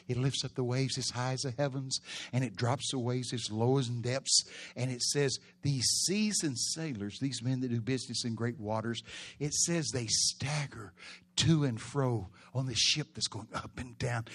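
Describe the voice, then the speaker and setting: A pastor preaching a sermon in a church, telling stories with animated, loud bursts. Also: male voice, mid-range voice, a little slow.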